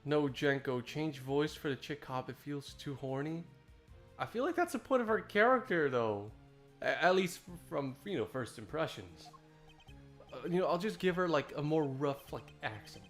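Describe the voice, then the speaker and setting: A man's voice: on the high side, lively intonation, normal speed, faint music behind. A man giving casual, profane, self-mocking commentary while playing a game. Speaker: let's play gamer.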